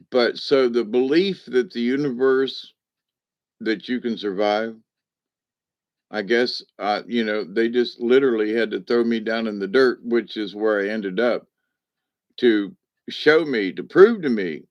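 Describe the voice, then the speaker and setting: A man's voice: medium pitch, no room sound. A man telling stories in a rambling, folksy way, often chuckling, on a dull, dry lo-fi recording. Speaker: spiritual card reader. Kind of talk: casual storytelling monologue.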